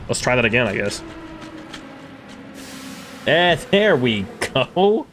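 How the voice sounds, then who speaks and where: A man's voice: medium pitch, very animated, slow pace, a bit bright, slight background noise. Chatty man streaming a game. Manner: chatty and self-deprecating, reading chat aloud. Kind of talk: casual live-stream chat over gameplay.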